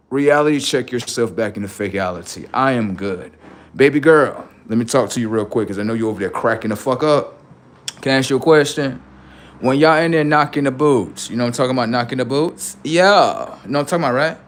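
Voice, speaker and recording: A man's voice: mid-range voice, expressive, a little fast. Brash man roasting on a livestream. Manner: brash, mocking, riffing with rhetorical questions. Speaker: livestream host. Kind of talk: improvised comedy roast on a livestream.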